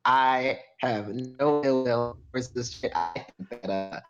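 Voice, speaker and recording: A man's voice: medium pitch, a little slow, lo-fi sound, soft background music. A man co-hosting a podcast, talking in an earnest, hesitant and supportive way. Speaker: podcast co-host. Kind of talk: casual chat.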